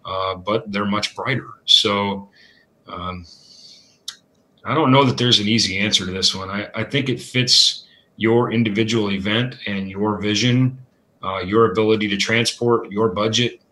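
A man answering questions as an equipment expert, talking casually and filling pauses with "uh" and "you know". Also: fairly low pitch, sharp tone. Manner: thoughtful, filler-heavy with many uh and you know.

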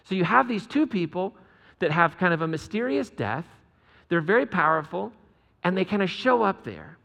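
Gravelly man preaching a joking sermon. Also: high-pitched, big pitch swings, normal speed, a bit bright, long reverb tail. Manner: humorous, chatty asides to the congregation. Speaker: pastor. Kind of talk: conversational sermon.

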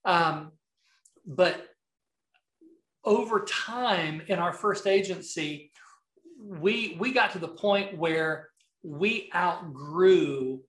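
A high-pitched, middle-aged man with a Southern accent draws out his words and leaves long pauses, heard in a reverberant space. As a podcast guest and video marketing coach, he tells rambling, animated anecdotes in a casual interview, restarting many times.

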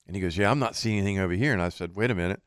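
A man's voice: deep voice, very fast, smooth, dry recording, clean studio sound. A man telling a hunting story in casual chat, acting out what he and his buddy said. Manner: animated storyteller, quotes himself and others.

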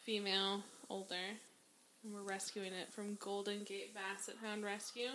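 A woman co-hosting a casual podcast chat, animated and quick to laugh, swearing freely. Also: mid-range voice, a little hiss or hum, poor audio. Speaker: podcast co-host.

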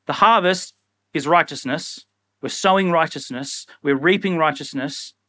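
A young man preaching a sermon in a casual, animated way, often acting out little everyday scenes. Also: a little high, measured pace. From Australia. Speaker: pastor.

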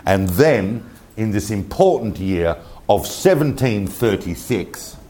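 A man with a fairly low voice gives an informal history lecture. He tells the story in a lively, conversational way, repeating himself now and then and turning to his listeners with asides. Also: slow, slight background noise. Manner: animated storytelling with asides to the audience; conversational, with frequent fillers and repetitions.

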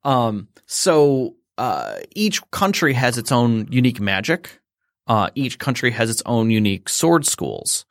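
A man's voice: medium pitch, big pitch swings, a little slow, fairly bright tone, dry recording, clean studio sound. A man explaining a tabletop game system in casual chat, rambling with fillers and restarts.

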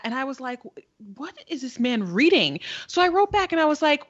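Animated woman podcast co-host. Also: normal speed, dull audio. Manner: animated storytelling, swearing, rising in pitch when indignant. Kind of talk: casual chat.

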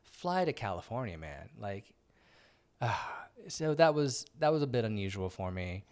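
A man's voice: fairly low pitch, sing-song, unhurried, darkish tone. A man co-hosting a podcast, joking and chatting casually in a movie review. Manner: joking, chatty, prone to asides. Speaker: podcast co-host.

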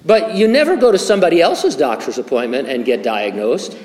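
A man's voice: on the high side, lively intonation, fairly quick, a little mellow, big-room sound. An older male pastor preaching a conversational sermon, full of fillers, restarts and wry humor. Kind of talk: sermon with Bible teaching.

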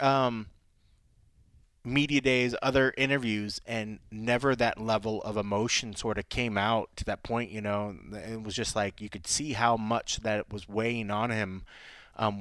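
A man's voice: fairly low pitch, a bit bright, clear, resonant tone, dry recording. A man co-hosting a podcast, chatting loosely, acting out little quotes and laughing easily. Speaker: podcast co-host. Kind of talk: casual podcast chat.

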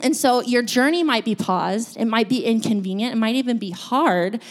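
A woman, a school counselor, giving a sermon in a church, telling stories in an animated, playful way. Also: fairly high pitch, moderate pace. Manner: storytelling, animated, playful with laughs. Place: church sanctuary.

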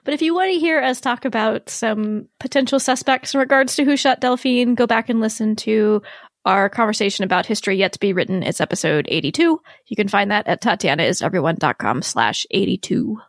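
A woman's voice: mid-range voice, fairly quick, no room sound, clean studio sound. A woman co-hosting a podcast in casual chat, weighing theories and qualifying her points. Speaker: podcast co-host.

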